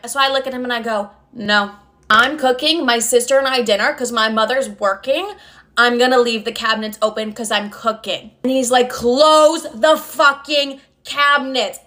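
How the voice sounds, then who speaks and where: A young woman with a high voice tells a story in a loose, casual monologue. She is blunt and sarcastic and swears freely. Her voice is bright and a little sharp.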